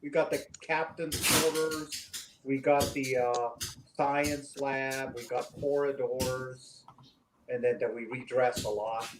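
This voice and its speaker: A man in casual chat about his fan film projects, talking in a rambling, animated way. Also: mid-range voice, takes it slowly, very noisy. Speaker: fan filmmaker guest.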